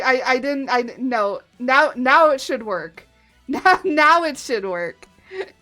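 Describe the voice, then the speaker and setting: A woman streaming live in casual chat, giggling often and muttering to herself as she clicks through software. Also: fairly high pitch.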